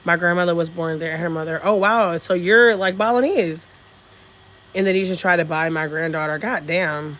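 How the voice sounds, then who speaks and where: A woman's voice: fairly low pitch, moderate pace, fairly bright tone, rough recording. A woman, chatting frankly on a phone livestream from a resort, reading comments, swearing and laughing freely. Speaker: travel vlogger on a livestream. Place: resort in Bali, outdoors.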